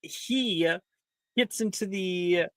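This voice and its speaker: A man's voice: high-pitched, drawn-out words, dry recording. A man narrating a tabletop game as game master in a loose, casual way, often breaking into laughter.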